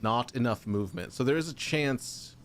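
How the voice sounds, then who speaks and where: A man's voice: medium pitch, normal speed. A young man giving casual, jokey commentary while streaming a game, mock-angry and full of silly made-up words.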